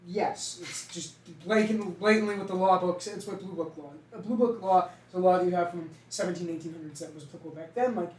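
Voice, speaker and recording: A man's voice: sits high, quick pace, few pauses. A young man from Massachusetts with a heavy Boston accent, co-hosting a casual podcast chat and rambling, swearing now and then. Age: young adult. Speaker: podcast co-host. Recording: echoey room, mic at a distance.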